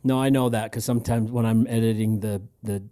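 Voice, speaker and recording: A man's voice: on the low side, fairly even intonation, a little fast, warm tone. A man co-hosting a casual podcast chat, rambling with frequent laughs and restarts. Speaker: podcast co-host.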